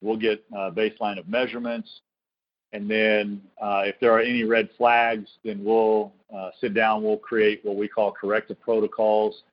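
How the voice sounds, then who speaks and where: The voice sits a little low, and the dull, lo-fi sound takes the sparkle off the top end. He is a college baseball coach talking in an earnest, reflective way, circling back and restarting phrases as he tells stories in a podcast interview. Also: little pitch movement, normal speed. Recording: dull lo-fi recording.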